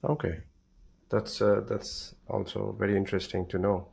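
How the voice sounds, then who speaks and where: Hesitant, low-voiced man asking curious questions. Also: flat delivery, normal speed, vocal fry, a little mellow, breathy edge. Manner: hesitant, many filler sounds, curious questions. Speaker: podcast host. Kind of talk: interview conversation.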